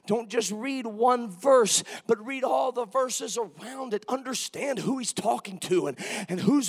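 A man preaching a sermon who moves from quiet reflection to shouted, emphatic passages. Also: extremely high pitch, vocal fry, long reverb tail.

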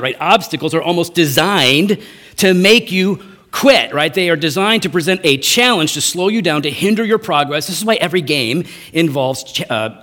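This man preaches a sermon conversationally, his fairly high voice carrying a fairly bright tone. He keeps checking in with listeners by tagging "right?" onto his lines again and again.

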